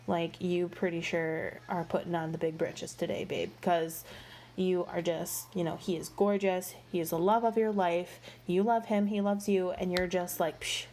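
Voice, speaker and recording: A woman's voice: on the low side, mellow, slight background noise. Chatty woman rambling through a book review. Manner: rambling, filler-heavy retelling with frequent "like" and "you know"; exasperated, gossipy storytelling.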